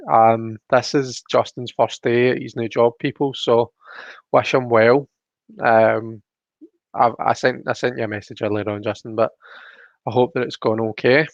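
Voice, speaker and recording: Male stream host, gravelly, chatty, dull dry home-mic sound. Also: medium pitch, no echo. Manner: chatty, greets viewers by name, reads chat aloud. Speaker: livestream host. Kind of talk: casual live-stream chat.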